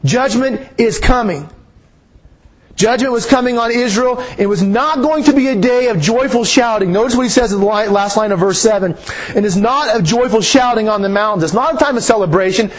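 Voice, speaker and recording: A man preaching a sermon, slow and emphatic, his voice rising on key phrases. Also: high-pitched. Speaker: pastor.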